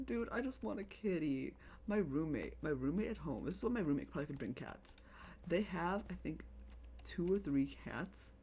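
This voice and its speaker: An excitable live streamer chats casually over a game, repeating phrases and cooing over pets. The pitch leaps up and down, and faint keyboard typing sits in the background. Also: normal speed, slight background noise. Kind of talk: casual live gameplay chat.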